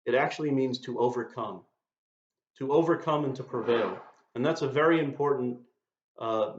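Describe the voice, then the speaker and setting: A man delivering a sermon at an ordinary pitch, carefully unpacking Hebrew words and quoting verses. The recording is slightly muffled, with a roomy echo around his voice. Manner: explanatory, quotes and translates Hebrew verses.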